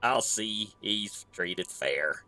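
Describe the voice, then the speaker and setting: A man's voice: on the low side, lively intonation, drawn-out words, bright, forceful tone, soft background music, voice pushed down, heavily acted. A man voicing a wry, scheming male pirate innkeeper from a game, reading the dialogue in old sea-dog dialect.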